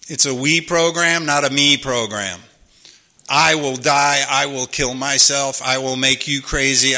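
A man of fifty or more shares his story earnestly at a recovery meeting, circling back over the same points and tossing in "you know?" again and again. He has a medium-pitched voice with a sharp tone.

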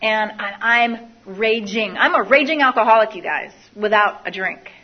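A woman's voice: medium pitch, moderate pace, highs cut off. A woman telling her own life story to an audience, candid and confessional, often repeating phrases. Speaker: speaker sharing a recovery story. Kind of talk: personal testimony to an audience.

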